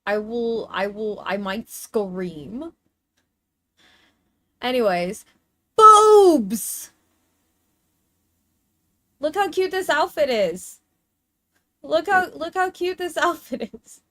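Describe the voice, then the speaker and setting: A woman's voice: on the high side, slow, pauses often, dry recording, clean studio sound. A woman streamer chatting casually while showing pictures, gushing and cooing in baby talk, with casual swearing.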